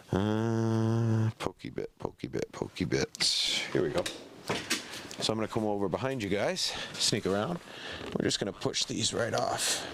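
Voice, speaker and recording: A man with a slightly low voice and a stuffy, congested sound talks through a car repair in a relaxed, chatty way, dropping fillers and dry asides. His mouth breathing comes through up close on a quality mic, and a faint noise sits underneath. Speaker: home mechanic. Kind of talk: casual how-to narration while working. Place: garage, working on a car engine. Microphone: good-quality mic picking up breathing.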